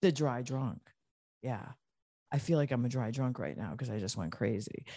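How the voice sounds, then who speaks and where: A man's voice: medium pitch, expressive, moderate pace, mellow, no room sound. Guy hosting a recovery podcast, blunt and sweary, stops and restarts a lot, dry close sound. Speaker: podcast host. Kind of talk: candid recovery talk.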